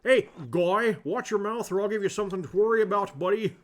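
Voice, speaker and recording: A man voicing a pompous, cocky young lawyer who is also a monk, in a raised, theatrical voice. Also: lively intonation. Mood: belligerent. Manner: theatrical, raised pitch, loud and quick.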